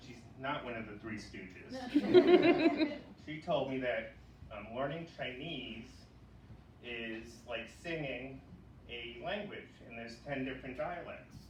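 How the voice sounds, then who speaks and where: New York comic in an echoey club. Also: male voice, mid-range voice, big pitch swings, slow pace. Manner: chatty storytelling, acts out other people's lines. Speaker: stand-up comic. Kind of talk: open-mic stand-up routine. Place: small comedy club. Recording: echoey club heard from a distance, loud room noise.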